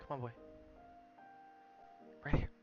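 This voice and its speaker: A man's voice: slow pace, dull audio, over music. A man streaming from home, chatting casually with viewers, coaxing his dog and reading aloud.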